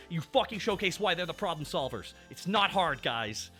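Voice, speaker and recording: A man's voice: high-pitched, racing, hardly any pauses, soft background music. A man streaming as a VTuber, chatting casually and ranting with lots of swearing. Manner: ranting, swears a lot, loud bursts. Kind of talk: casual chat.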